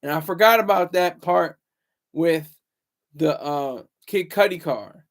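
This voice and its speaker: A man's voice: fairly high pitch, slow. A man in his thirties hosting a casual livestream, rambling loosely and reading viewer comments aloud. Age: 30s. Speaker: livestream host.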